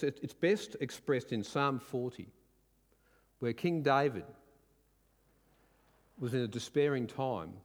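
An older man preaching a sermon as pastor, earnest and building to forceful emphasis. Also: medium pitch, in a large hall. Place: church.

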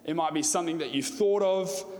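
A man's voice: fairly high pitch, fairly quick, a little mellow, in a large hall. A young man with an Australian accent giving a storytelling youth sermon, chatty and often asking the audience questions. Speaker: youth preacher.

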